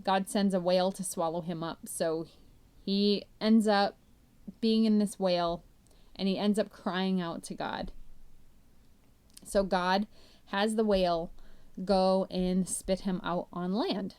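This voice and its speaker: A woman hosting a podcast, retelling a Bible story in a chatty, animated way, full of "like" fillers. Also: medium pitch, slow, long pauses, clean tone. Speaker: podcast host.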